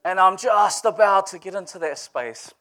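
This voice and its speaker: A man's voice: high-pitched, moderate pace, dry recording. A man preaching a sermon, telling stories with humor. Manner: lively storytelling with humor. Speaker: pastor.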